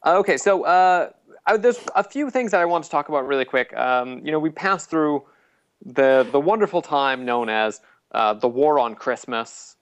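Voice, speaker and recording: A man's voice: on the high side, normal speed. A man hosting a casual podcast, rambling with many fillers and frequent laughs. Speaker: podcast host.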